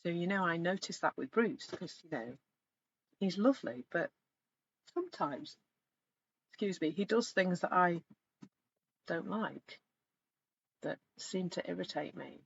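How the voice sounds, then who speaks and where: A middle-aged woman coaching in a live online session, speaking reflectively and gently and growing animated when she retells stories. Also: fairly low pitch, measured pace, vocal fry, long pauses, breathy edge. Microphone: video call. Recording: slightly dull lo-fi sound with faint noise.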